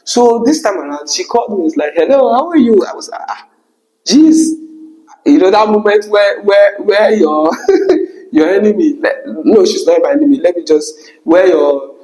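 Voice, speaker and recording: A young man telling an emotional personal story, animated and breaking into high exclamations. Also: normal speed, rough recording. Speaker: vlogger.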